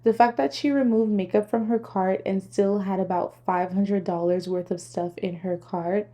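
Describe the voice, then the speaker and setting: A woman's voice: medium pitch, steady tone, moderate pace, mellow. A young adult woman delivering scripted, earnest and critical commentary as a vlogger.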